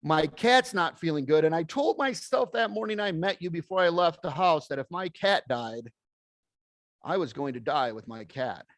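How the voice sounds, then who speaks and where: Folksy storytelling man, slightly high voice. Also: animated, normal speed, a bit bright, no echo, studio quality. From American Midwest. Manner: folksy storytelling, plainspoken, acts out dialogue. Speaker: speaker. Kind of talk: motivational talk to an audience.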